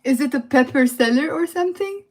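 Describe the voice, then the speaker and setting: A woman with a Lebanese accent runs a live language lesson, repeating words and calling out to viewers by name. She laughs easily and keeps the tone playful. Her voice sits a little high. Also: animated, fairly quick, darkish tone. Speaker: Lebanese Arabic teacher. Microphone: phone or computer mic on a livestream.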